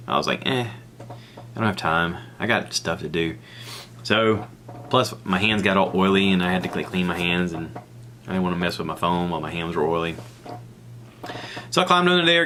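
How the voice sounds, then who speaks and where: A man from the American South with a Southern accent, hosting a podcast and telling a rambling, animated story alone. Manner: rambling, animated, acts out others' lines in a high voice. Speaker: podcast host. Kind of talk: casual solo storytelling.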